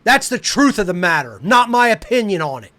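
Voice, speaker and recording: A male podcast host delivering an angry, profane monologue, hurling repeated insults and shouting at times. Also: sits high, sing-song, brisk.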